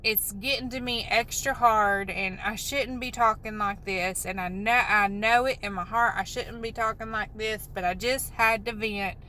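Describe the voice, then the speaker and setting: Woman, upset rambling vlog rant, bright tone, faint noise behind. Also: medium pitch, fairly even intonation, moderate pace, hardly any pauses, poor audio. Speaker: vlogger. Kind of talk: emotional venting vlog.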